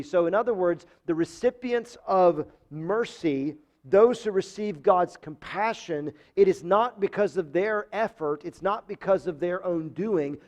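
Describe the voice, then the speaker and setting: Emphatic high-voiced male preacher. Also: darkish tone. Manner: emphatic, rhetorical questions, reads scripture aloud. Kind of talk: Bible teaching sermon.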